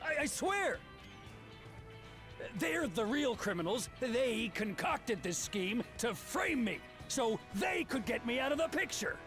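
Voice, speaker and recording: A high, lively voice of a cornered outlaw in a video game. He stammers and pleads, sliding between whine and threat. Game music plays behind him. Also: slow, heavily acted. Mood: pleading. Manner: stammering, pleading, turns to a low growl. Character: cornered male outlaw, whiny then menacing.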